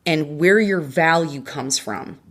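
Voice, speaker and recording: A woman's voice: deep voice, slow. A woman from Vermont, a podcast guest, telling her personal story in an earnest, emotional and frank way.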